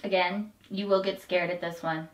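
A woman co-reviewing a haunted attraction in casual chat, animated and upbeat. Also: fairly low pitch, normal speed, recorded from a distance. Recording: echoey room, a bit off-mic.

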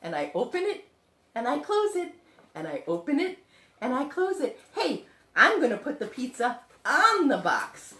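A young woman hosting a sing-along show for toddlers, talking slowly and playfully to small children. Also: sits high, wildly swooping pitch, bright, forceful tone, reverberant. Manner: slow, exaggerated, playful talk to small children. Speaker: children's music teacher and show host.

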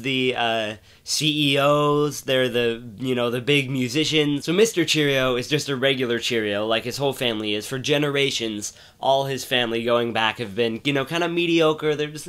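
Man, casual comic storyteller, rambling, fillers, deadpan, mid pitch. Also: smooth. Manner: rambling, many fillers and restarts, deadpan build-ups.

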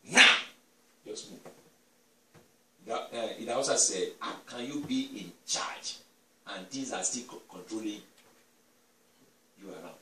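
A man preaching a sermon as an apostle, telling stories that build into shouted declarations, in a church hall. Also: fairly low pitch, slight background noise. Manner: storytelling that swells into shouted declarations. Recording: echoey church hall, distant mic.

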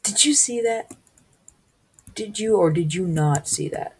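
A woman's voice: medium pitch, lively intonation, a little slow, husky, poor audio. A woman hosting a casual let's-play video, exclaiming and gasping at the game. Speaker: gaming video host.

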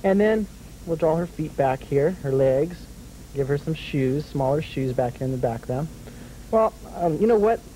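A man's voice: fairly high pitch, animated, normal speed, warm tone, a little hiss or hum, low-quality recording. A man hosting a children's drawing lesson, talking his young viewers through each step with patient, encouraging questions and frequent chuckles. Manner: chuckles often while drawing.

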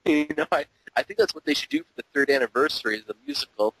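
A man hosting a casual podcast chat, jokey and laughing along with quick asides. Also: fairly high pitch, huge pitch swings, creaky, a bit bright, slightly rough, no room sound. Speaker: podcast host.

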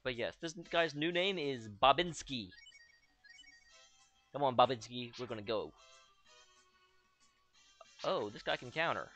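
A man's voice: medium pitch, a bit bright. Sarcastic young man commentating a game. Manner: sarcastic, joking, chatty. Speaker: let's play host. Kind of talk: casual gameplay commentary.

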